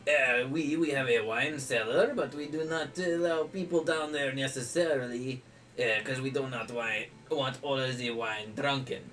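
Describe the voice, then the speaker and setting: A man's voice: medium pitch, normal speed, fairly bright tone, far from the mic, faint music behind, lightly acted. A man voicing a fussy male halfling innkeeper in a put-on mock French accent, polite and hesitant with many ums.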